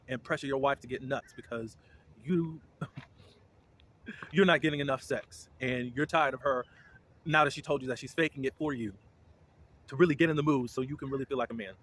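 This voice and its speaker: A man giving casual, blunt commentary as a reality TV recap host, with indignant, animated reactions. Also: medium pitch, moderate pace, a little hiss or hum.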